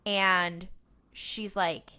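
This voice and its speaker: A woman's voice: fairly low pitch, fairly even intonation, extremely slow, pushed and bright. A woman co-hosting a podcast, recapping an episode in a casual, rambling way, full of fillers and cursing. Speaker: podcast co-host.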